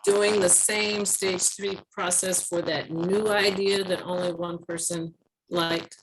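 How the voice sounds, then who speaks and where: A woman's voice: lowish voice, steady tone, slow pace, slight background noise, low-quality recording. A woman trainee on a video call, asking a question hesitantly and with careful phrasing.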